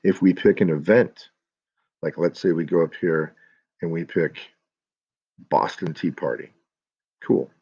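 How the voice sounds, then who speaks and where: Low-voiced male teacher explaining a project. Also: steady tone, unhurried, pauses often, mellow, muffled recording. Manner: step-by-step, explanatory, addresses students directly. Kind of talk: classroom project instructions.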